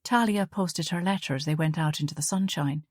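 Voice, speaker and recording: Low-voiced woman narrating an audiobook. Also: brisk, a little mellow, no room sound, clean studio sound. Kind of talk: scripted narration.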